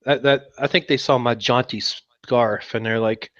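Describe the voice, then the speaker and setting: A man from West Virginia trades wry, sarcastic banter as a podcast co-host. His voice sits mid-pitched and dry, with no room around it. The sound is slightly dull and lo-fi. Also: steady tone, moderate pace, a bit bright, no echo.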